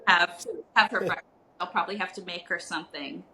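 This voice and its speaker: A woman's voice: on the low side, brisk, low-quality recording. A woman guest potter in a casual video-call chat, talking with frequent ums and easy laughs. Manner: warm, hesitant with many ums.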